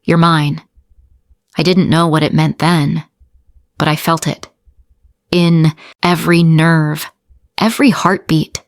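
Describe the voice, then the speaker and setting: A woman's voice: deep voice, fairly even intonation, measured pace, pauses often, no echo, studio quality. A woman narrating a first-person romance story, with dramatic pacing and short, broken fragments.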